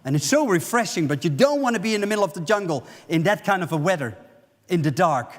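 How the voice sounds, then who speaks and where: High-voiced male pastor, reverberant church. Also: sing-song, quick pace. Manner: vivid storytelling, acting out the lines of the people in the story. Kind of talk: sermon. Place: church sanctuary.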